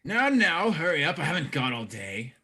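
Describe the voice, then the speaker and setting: A man's voice: mid-range voice, a little slow, creaky, pushed and bright, voice pushed up. A man voicing a brash male tavern brawler in a tabletop game, with a swaggering, drawling, impatient manner.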